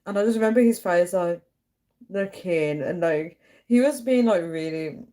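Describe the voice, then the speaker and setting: A young woman telling a story casually on a livestream, chatty and animated. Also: fairly low pitch, normal speed. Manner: chatty, animated, acts out quoted voices. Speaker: live streamer.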